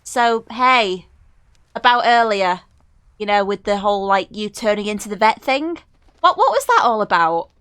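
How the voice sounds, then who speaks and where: A woman's voice: medium pitch, animated, moderate pace, a bit bright, clear, resonant tone, no echo, faint music behind. A woman streaming a game live, reacting emotionally and exclaiming at the screen, teary and near crying.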